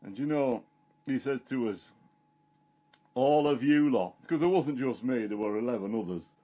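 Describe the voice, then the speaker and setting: A man's voice: mid-range voice, expressive, moderate pace, warm tone, lo-fi sound, close to an everyday voice. A man playing Peter, homely fisherman. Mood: fond. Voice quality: homely dialect storytelling, plain and chatty. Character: Peter the fisherman, plain-spoken and earnest. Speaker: Christian storyteller in character. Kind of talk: first-person character monologue.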